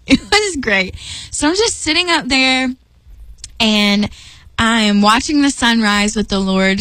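A woman with a somewhat high voice shares a personal story in a casual, chatty way. She keeps it lively and laughs easily. The sound is dry and close, with no room around it. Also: no echo, rough recording. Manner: lively, chatty, laughs often, acts out her own lines. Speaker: storyteller sharing a faith testimony.

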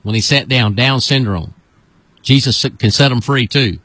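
A man, a pastor, leading a deliverance prayer with commanding repeated calls and sudden high whoops. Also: normal speed, fairly bright tone, no room sound.

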